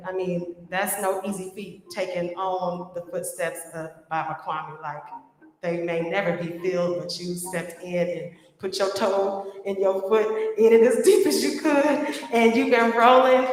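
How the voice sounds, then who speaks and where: A woman emceeing a live community event in a church hall, chatty and lively, laughing between remarks. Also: mid-range voice, measured pace. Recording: echoey hall with long reverb.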